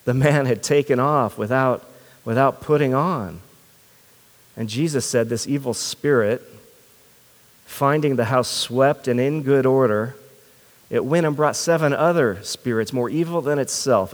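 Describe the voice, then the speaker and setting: A man's voice: mid-range voice, big-room sound. A male pastor preaching a sermon in an earnest way, asking rhetorical questions and often repeating words as he thinks.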